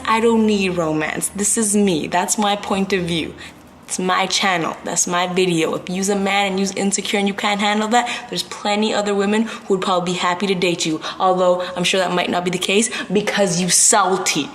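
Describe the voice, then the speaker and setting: A woman's voice: mid-range voice, steady tone, normal speed, slight background noise. Outspoken woman in her twenties ranting. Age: 20s. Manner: outspoken, slangy, emphatic. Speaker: vlogger. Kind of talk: casual vlog rant to camera.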